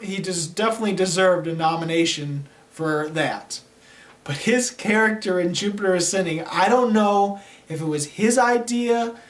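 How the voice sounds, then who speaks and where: A young man giving a chatty, opinionated film review in casual talk, often saying "like". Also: high-pitched. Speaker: movie reviewer. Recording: roomy echo, mic at a distance.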